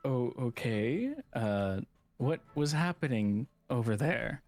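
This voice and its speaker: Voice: mid-range voice, lively intonation, slow, a little mellow, soft background music, voice pushed down. A game master voicing wary paladins who question a suspect with suspicion. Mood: suspicious.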